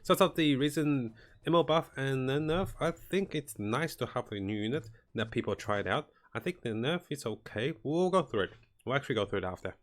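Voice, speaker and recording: A man giving casual commentary on a strategy game as he plays, thinking aloud in a relaxed way. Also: medium pitch, brisk. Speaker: gaming commentator. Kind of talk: casual live gameplay commentary.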